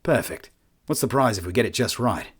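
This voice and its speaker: A man voicing a stressed human ship captain who swears a lot and talks in a gruff, exasperated way. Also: mid-range voice, expressive, a little fast.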